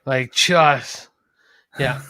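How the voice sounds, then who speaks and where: A man co-hosting a podcast and chatting casually. He tells rambling stories full of restarts and throat-clearing. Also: mid-range voice, drawn-out words, pushed and bright, dry recording, studio quality. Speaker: podcast co-host. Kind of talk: casual chat.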